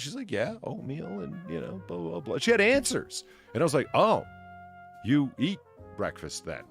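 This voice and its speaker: A tired man with a low voice that leaps up and down as he rambles, restarting his sentences. He hosts a casual chat on a stream. Faint music sits behind him. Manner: rambling, many restarts, swings loud and quiet. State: tired from little sleep. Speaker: podcast host.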